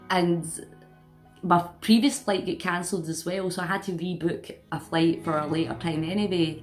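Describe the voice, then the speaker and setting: A Scottish woman vlogs to camera in a casual, animated storytelling manner. Her voice sits slightly low for a woman, and she tosses in incredulous asides. Faint music plays in the background. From Scotland. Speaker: vlogger.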